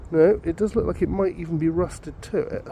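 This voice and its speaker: A man's voice: fairly high pitch, steady tone, brisk, mellow, slight background noise. A man chatting upbeat to viewers while he works outdoors in a field. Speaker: metal detecting vlogger. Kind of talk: casual outdoor vlog commentary.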